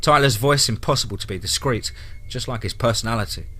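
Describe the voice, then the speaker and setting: A man's voice: mid-range voice, fast talker, pushed and bright, husky. A man narrating a scripted horror story in a dramatic, grim way.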